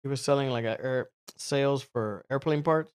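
A man's voice: mid-range voice, moderate pace, clear, resonant tone. A man telling rambling, crude stories in casual chat, laughing often. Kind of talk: casual profane storytelling.

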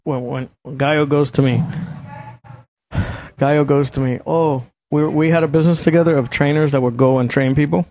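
A man's voice: a little high, fairly even intonation, normal speed, a little mellow. A man in his forties telling a long rambling story in casual chat, swearing freely and mocking himself. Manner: profane, rambling, self-mocking.

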